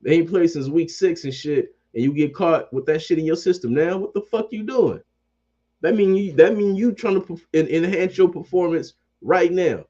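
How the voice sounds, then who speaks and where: A man's voice: on the high side, mellow, muffled recording. A man ranting about sports as a fan commentator. He swears constantly, repeats phrases, and keeps up a heated, profane energy.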